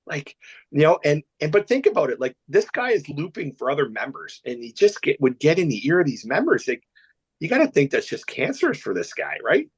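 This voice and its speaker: A Canadian man, a guest on a podcast, tells rambling anecdotes in a casual storytelling chat. His voice is on the high side with a breathy edge, and he restarts and laughs often.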